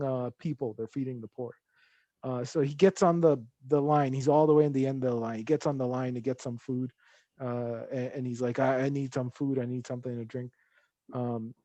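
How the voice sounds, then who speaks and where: Brief: male podcast guest, storyteller, halting delivery, mid pitch, dry. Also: mellow, no echo, muffled recording. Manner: halting, many fillers and restarts. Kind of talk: storytelling in casual chat.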